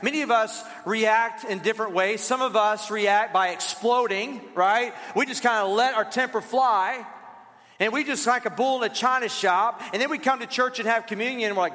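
High-voiced, bright-toned male pastor. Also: moderate pace. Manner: lively storytelling with asides to the congregation. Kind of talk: sermon. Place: church. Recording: reverberant church hall.

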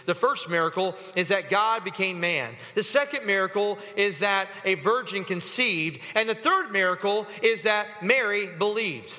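A man preaching a lively sermon, calling his congregation to read scripture aloud with him. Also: high-pitched. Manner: animated, calls the congregation to read along. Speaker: pastor. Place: church sanctuary. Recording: hall reverb.

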